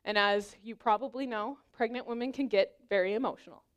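Young woman preacher, slightly high voice, earnest and exhorting, sermon delivery. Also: brisk. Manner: earnest, exhorting, personal anecdotes. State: pregnant.

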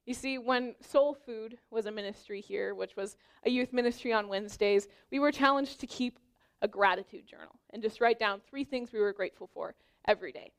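A woman's voice: a little high, a little fast, clear, resonant tone. Young woman preaching an earnest sermon. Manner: earnest, exhorting, personal anecdotes. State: pregnant.

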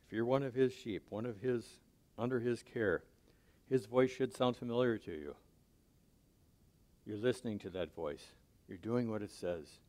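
Male pastor, mid-pitched, chatty sermon delivery, goes quiet and low to drive points home. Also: animated, unhurried, long pauses. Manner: conversational preaching, checks in with "right?" and "okay?"; drops to a soft low voice on key points.

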